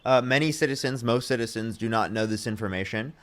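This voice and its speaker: A man hosting an online debate, quick and insistent, pressing his points. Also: medium pitch, fairly bright tone. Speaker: debate show host.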